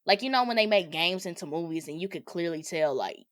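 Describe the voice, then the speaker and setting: A woman's voice: on the low side, expressive, a little fast, no echo, studio quality. A woman co-hosting a podcast, chatting casually about movie trailers, laughing often and filling her talk with "like". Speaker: podcast co-host.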